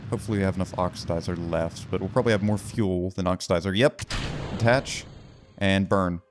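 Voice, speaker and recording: A man giving casual let's-play commentary, excitable and talking himself through each move of a game. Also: sits low, fairly quick, noisy background. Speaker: gaming video host.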